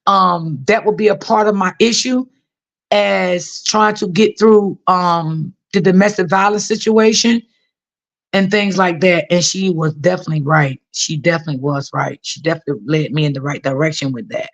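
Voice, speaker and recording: A woman's voice: fairly low pitch, moderate pace, dull audio. A woman telling a personal story to her viewers in a casual way, often repeating herself and using many fillers. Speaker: author talking to viewers.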